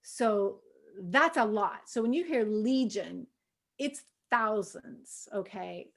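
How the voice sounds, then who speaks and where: A middle-aged woman leading a women's Bible study in a relaxed, conversational way. She uses lots of "you know" fillers and bursts out loudly when she acts out quotes. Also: medium pitch, slow pace, vocal fry.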